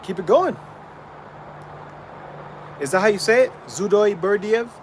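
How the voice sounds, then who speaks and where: A man's voice: sits high, very animated, unhurried, a little hiss or hum. A man livestreaming while training, chatting casually with viewers and stumbling over names as he asks questions.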